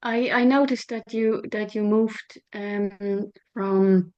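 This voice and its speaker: A woman's voice: mid-range voice, fairly even intonation, takes it slowly, darkish tone, clean tone. A woman shares an observation with her training group, thinking as she talks and searching for the right words. Her audio comes through a dull, lo-fi online call. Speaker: course participant. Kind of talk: group feedback discussion.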